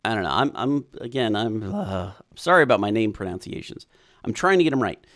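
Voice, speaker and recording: A man hosting a casual live stream, chatting and reading viewer comments aloud as he thinks out loud. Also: on the low side, expressive, a little fast.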